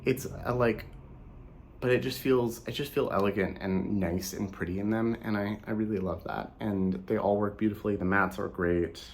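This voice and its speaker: Brief: slightly hoarse man, fairly low voice, rambling chatty makeup vlogger, faint hiss behind. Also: fairly even intonation, normal speed. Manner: chatty and rambling, with frequent likes. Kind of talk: casual product review vlog.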